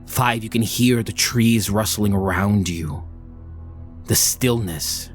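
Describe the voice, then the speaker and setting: A man narrating a tabletop game as game master, describing scenes in an unhurried, descriptive way. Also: lowish voice, soft background music.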